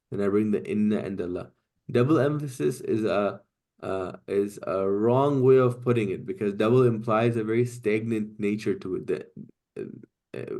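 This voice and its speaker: A man's voice: lowish voice, creaky, dark tone. Patient man teaching Quranic Arabic grammar. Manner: patient, checks understanding with frequent "right?" and "okay?"; recites Arabic verses quickly. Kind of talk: live class explanation.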